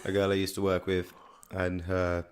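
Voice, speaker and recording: A man with a Birmingham accent chats on a podcast in a low voice. He rambles and repeats himself while he works out what he means. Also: completely flat delivery, normal speed, smooth. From Birmingham, England. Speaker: podcast co-host. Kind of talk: casual chat.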